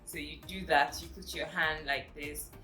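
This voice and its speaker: A woman's voice: low-pitched, steady tone, normal speed, bright, forceful tone, echoey room, soft background music, low-quality recording. A woman vlogger giving a chatty, emphatic self-help talk straight to her viewers.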